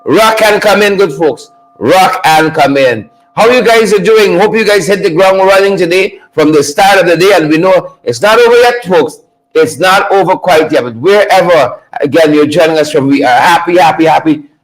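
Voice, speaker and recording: High-voiced man hyping a live stream. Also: moderate pace, rough recording. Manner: repetitive, hypes viewers with shout-outs. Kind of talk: energetic live-stream political talk.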